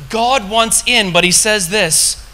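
A man preaching a sermon in a conversational style, with sudden loud, impassioned bursts. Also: high-pitched, takes it slowly, slight background noise.

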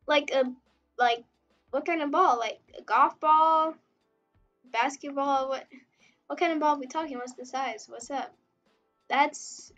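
Brief: high-pitched woman, giggly rambling livestream chat while drawing, slightly muffled, soft music underneath. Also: unhurried. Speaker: webtoon artist streamer.

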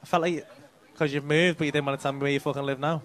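A man's voice: fairly high pitch, flat delivery, very fast, fairly bright tone. A male stand-up comedian doing crowd work, teasing people in the audience with sweary banter. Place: comedy club stage.

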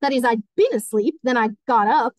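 A woman's voice: fairly high pitch, normal speed, no room sound, natural voice. A woman voicing an embarrassed, stammering young man in an audiobook reading. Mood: flustered. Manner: flustered, stammering.

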